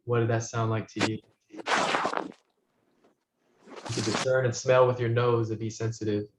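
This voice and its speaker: Soft-spoken man guiding a meditation. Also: medium pitch, little pitch movement. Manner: soft-spoken, slow, repetitive guidance, often dropping to a hush. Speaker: spiritual teacher. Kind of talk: guided meditation teaching. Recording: roomy, dull recording with faint noise.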